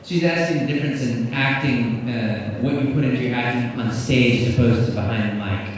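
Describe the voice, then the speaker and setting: A man's voice: mid-range voice, a little fast, a little hiss or hum. A chatty man answering fan questions at a convention panel, joking along and slipping into character voices. He is miked from far off, so his voice rings through a large, echoing hall with a long tail of reverb. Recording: echoey hall, taped from far off.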